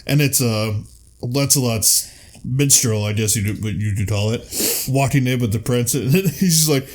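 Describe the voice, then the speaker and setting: Man retelling a film in casual chat. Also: fairly quick. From US Midwest. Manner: animated retelling, jumps into high silly quoted voices. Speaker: podcast co-host.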